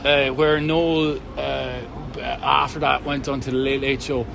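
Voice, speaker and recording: A man's voice: medium pitch, level tone, measured pace, gravelly. A middle-aged Irish man, tipsy, telling jokey stories in casual chat and swearing freely. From Ireland. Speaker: interviewee, fan. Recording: noisy street recording.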